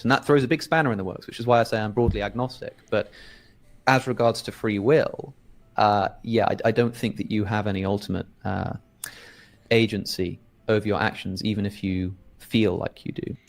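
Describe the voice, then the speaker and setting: A man's voice: on the low side, fairly even intonation, a little fast, creaky. A man speaking thoughtfully and a little hesitantly in a philosophical discussion, in a clip played back on a stream. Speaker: debate guest in a played clip.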